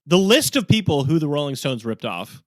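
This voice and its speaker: Lively, wry male podcast host. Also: on the high side, fairly quick, dry recording. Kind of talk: casual podcast chat.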